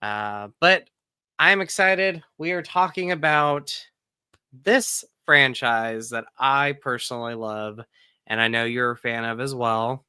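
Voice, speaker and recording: A man's voice: medium pitch, slow, bright, forceful tone, clear, resonant tone, no echo. A man in his thirties hosting a casual live-stream podcast, chatty and upbeat, talking straight to his viewers. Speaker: podcast host.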